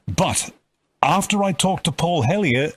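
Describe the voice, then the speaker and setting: A man's voice: a little high, lively intonation, a little slow, slight background noise. A man from the UK hosting an interview, chatty and given to repeating and restarting words. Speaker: interviewer and host. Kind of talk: casual interview chat.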